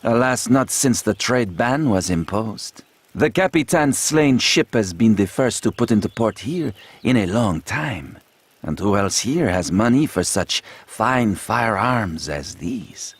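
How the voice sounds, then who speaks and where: An actor playing a proud, flattering gunsmith with a French accent, in a video game. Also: male voice, fairly low pitch, measured pace, slightly rough. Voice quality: fawning, theatrical salesman manner.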